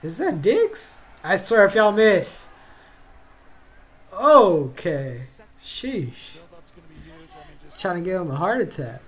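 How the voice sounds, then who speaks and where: A young man hosting a casual football reaction video, excitable and slangy, calling out bro after nearly every line. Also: high-pitched, slow, long pauses. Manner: excitable, yelps and drawls "bro" constantly. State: tired, yawning. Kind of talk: casual game reaction commentary.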